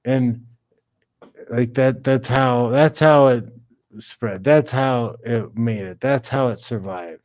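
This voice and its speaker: A man's voice: mid-range voice, takes it slowly, a little mellow. A man hosting a livestream, ranting bluntly and casually between reading chat messages. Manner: blunt, ranting, swears freely.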